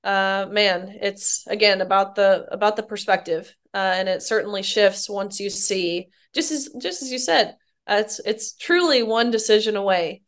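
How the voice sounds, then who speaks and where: A woman hosts an interview with a smooth, clear voice at an ordinary pitch. She responds warmly and affirmingly to her guest, pausing on small hesitations as she gathers her thoughts. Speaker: interview host. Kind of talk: casual interview talk.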